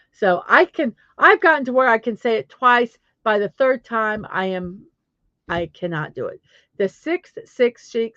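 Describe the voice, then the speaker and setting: A woman's voice: medium pitch, fairly bright tone, dry recording. A woman hosting a casual morning livestream, chatting with viewers and trying tongue twisters aloud. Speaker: vlogger reading live chat. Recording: dull lo-fi sound, dry.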